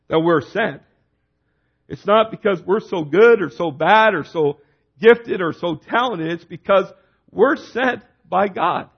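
A man's voice: high voice, gravelly, slightly rough. Man preaching a sermon, urgent and repetitive, on a dull lo-fi recording.

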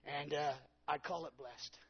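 A man's voice: on the high side, steady tone, measured pace, highs cut off. A man preaching a sermon, telling a personal story with dramatic delivery and acted-out quotes. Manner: dramatic storytelling, acting out his own quotes.

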